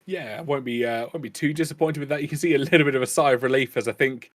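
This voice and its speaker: A man's voice: medium pitch, fast. Chatty male sim racing commentator. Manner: chatty, bantering. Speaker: race commentator.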